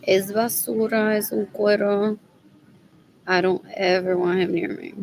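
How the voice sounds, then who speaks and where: Woman vlogger, gravelly mid-range voice, rambling and agitated monologue. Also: medium pitch, little pitch movement, measured pace, a little hiss or hum, poor audio.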